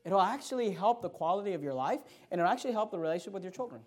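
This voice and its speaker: A man in his thirties delivering a fiery sermon in a notably high voice. He preaches hard, leaping from loud outbursts to hushed asides. He keeps calling out scripture references, repeating them so the congregation can follow. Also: lively intonation, rapid-fire. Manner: forceful preaching, swings between loud outbursts and quiet asides. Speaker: pastor.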